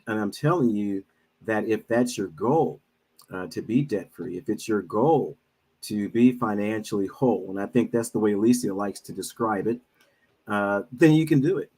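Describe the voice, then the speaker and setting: A middle-aged man speaking as a guest on an online talk, telling a personal story in an earnest, measured way with frequent pauses. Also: lowish voice, darkish tone, breathy edge, poor audio. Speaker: guest speaker, minister and financial advisor.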